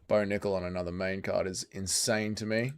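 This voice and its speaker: A man's voice: low-pitched, little pitch movement, fairly quick, clean tone. A man with an Australian accent hosting a casual livestream, reading chat comments aloud and answering them in a blunt, crude, bantering way.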